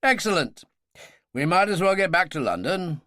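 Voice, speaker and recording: A composed older general, clipped and dry in his replies, as a male reader plays him. The pitch is animated, the sound close and dry. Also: moderate pace, dry recording, exaggerated voice.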